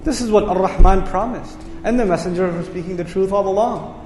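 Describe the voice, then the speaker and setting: Fast-talking high-voiced male lecturer. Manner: energetic explaining, repeats key words. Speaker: Quran teacher. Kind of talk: lecture on Quranic word meanings. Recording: echoey hall reverb.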